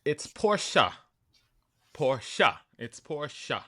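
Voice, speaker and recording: A man's voice: fairly high pitch, very animated, takes it slowly, bright, forceful tone. A man in his forties with a New York accent, co-hosting a casual podcast chat, emphatic and laughing often. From New York, family from Guyana. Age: 40s. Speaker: podcast co-host.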